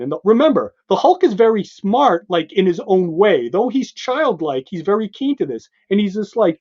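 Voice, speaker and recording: An excited man with a high voice reviews a comic book for a podcast, walking through the panels and acting out the dialogue. His delivery is casual and eager, and the recording sounds dull and lo-fi. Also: normal speed, few pauses. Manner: enthusiastic, retelling panels with voiced quotes. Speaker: podcast co-host.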